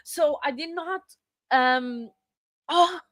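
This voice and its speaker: A chatty woman hosts a live stream, speaking in a fairly high voice. She rambles, restarts her sentences and gushes thanks to her viewers. The sound is close and dry, with no room around it. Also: very slow, fairly bright tone, dry recording. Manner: effusive, thanks viewers often. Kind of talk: casual live-stream chat.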